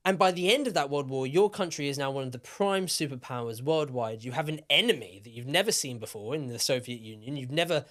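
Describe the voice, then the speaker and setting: A man co-hosting a podcast, tipsy and telling a story in a lively, rambling way with plenty of swearing. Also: medium pitch, fast, hardly any pauses. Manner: animated, swearing, repeats himself. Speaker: podcast co-host. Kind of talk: casual storytelling chat.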